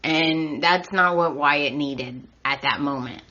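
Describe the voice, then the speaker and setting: Woman podcast host, casual recap, bright sarcastic delivery, slow pace, dull lo-fi sound. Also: low voice. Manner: chatty, opinionated, sarcastic.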